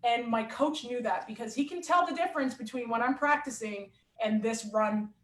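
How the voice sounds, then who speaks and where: A woman athlete and coach telling a story in a lively, animated way in a casual interview. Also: fairly high pitch, moderate pace. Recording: roomy echo.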